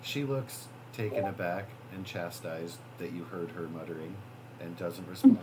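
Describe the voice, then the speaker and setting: A man narrating as game master of a tabletop role-playing game, relaxed and chuckling between lines. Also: sits low, moderate pace, poor audio.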